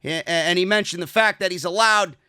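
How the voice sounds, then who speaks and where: Sarcastic high bright-voiced man. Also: fairly quick, clean tone, dry recording, studio quality. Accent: New York. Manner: sarcastic, profane, exasperated. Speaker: podcast host reviewing wrestling. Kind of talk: casual review monologue.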